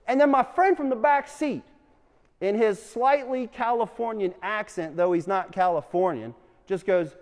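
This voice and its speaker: A young adult man teaching a class, an animated storyteller who keeps asking the room questions. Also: high voice, fairly quick. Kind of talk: lively classroom talk with questions to students. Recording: long reverb in a hall.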